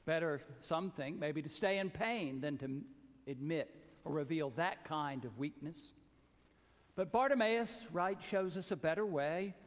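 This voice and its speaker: An earnest male pastor from the American South delivers a sermon in a high-pitched voice, rising to emphatic calls and then sinking low and soft. His words ring out with the long reverb of a large church. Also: animated, measured pace.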